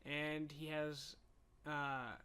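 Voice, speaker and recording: This man has a bright, sharp tone that sits a bit high for a man. He co-hosts a casual podcast and recaps films with plenty of emotion, getting animated as he goes. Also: extremely slow, smooth. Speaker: podcast co-host. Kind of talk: casual movie chat.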